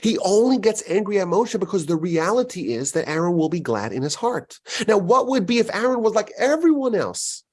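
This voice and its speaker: Animated rabbi guy teaching torah, husky voice, voice jumps all over when he acts out lines. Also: high-pitched, fairly quick, few pauses. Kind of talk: Torah lecture.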